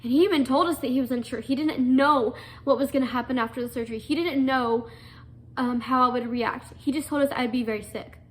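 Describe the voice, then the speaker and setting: A woman's voice: high-pitched, fairly quick. A young adult woman earnestly telling a personal story, full of fillers and restarts. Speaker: guest telling her story.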